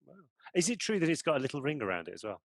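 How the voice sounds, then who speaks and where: A man's voice: on the high side, big pitch swings, racing, no echo, clean studio sound. A man co-hosting a podcast in casual chat, jokey and bantering. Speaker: podcast co-host.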